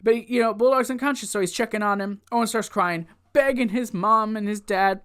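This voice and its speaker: A man giving a casual, rambling recap of an old wrestling event, easily excited and laughing often as he goes. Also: sits high, a little fast, hardly any pauses, clear, resonant tone. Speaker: wrestling show reviewer.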